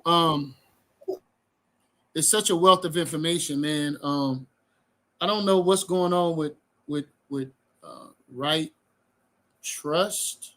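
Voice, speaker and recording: Man, slightly high, bright tense tone, answers his own questions on a video call. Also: slow, pauses often. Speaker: bible study participant. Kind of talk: casual teaching in group call.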